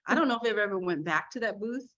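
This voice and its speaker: A woman guest telling a story in a casual, animated way, laughing along. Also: mid-range voice, fast talker. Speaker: podcast guest, makeup artist. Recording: dull lo-fi sound.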